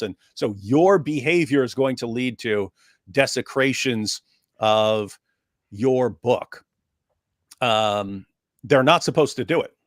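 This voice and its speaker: A man's voice: medium pitch, lively intonation, unhurried, no echo, studio quality. A man on a call-in livestream panel, making an emphatic argument and often repeating phrases as he builds his point. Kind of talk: livestream discussion, recounting and arguing.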